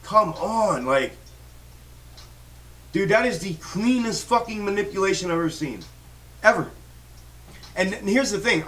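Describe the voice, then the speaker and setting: A man's voice: sits high, animated, unhurried, long pauses, fairly bright tone, far from the mic. A man hosting a stock trading livestream, ranting in a fired-up, profane way with lots of restarts. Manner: fired-up, swears constantly, rambling restarts. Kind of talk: profane live-stream rant.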